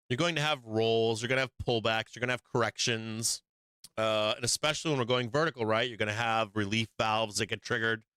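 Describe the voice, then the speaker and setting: Brash male stream host with a bright, clear voice, swearing freely and repeating his points for emphasis. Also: mid-range voice, no room sound. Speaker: stock market show host. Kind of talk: livestream market commentary.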